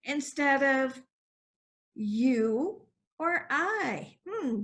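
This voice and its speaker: A woman teacher on a reading lesson for young children, reading aloud slowly with exaggerated expression. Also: high-pitched, big pitch swings, bright, forceful tone.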